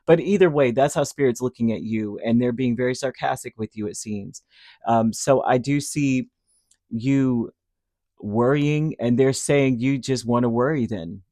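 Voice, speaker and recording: Man, mid-pitched voice, chatty tarot reading, rambling, dry close sound. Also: unhurried, mellow, no room sound. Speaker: tarot reader. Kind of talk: casual spoken tarot reading.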